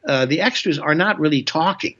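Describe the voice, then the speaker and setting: A man's voice: on the high side, brisk, fairly bright tone, highs cut off. An older man from Indiana, a comedian and voice actor, telling rambling anecdotes as a guest with many restarts and chuckles. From Indiana, United States. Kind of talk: casual storytelling interview.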